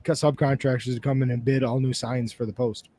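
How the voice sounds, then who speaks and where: A man co-hosting a podcast who tosses out provocative jokes in a deadpan way. His voice sits at an ordinary mid pitch. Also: brisk, no room sound. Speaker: podcast co-host. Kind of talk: casual chat.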